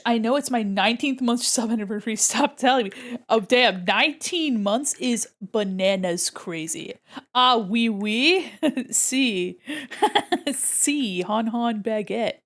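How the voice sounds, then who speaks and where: A young woman with a slightly high voice chats loosely to her stream chat while she draws, giggling often and answering viewer messages as they come in. Her talk is relaxed and a little scattered, and a desk mic picks her up. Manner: chatty, giggly, reads chat aloud while drawing. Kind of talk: casual art livestream chat.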